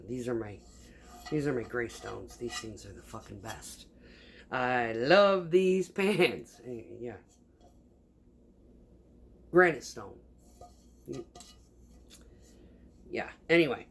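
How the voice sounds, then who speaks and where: A woman's voice: a bass voice, a bit bright, breathy edge. A woman vlogger chatting casually at home, rambling, swearing a lot and laughing often. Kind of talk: casual chat while sewing. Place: home kitchen.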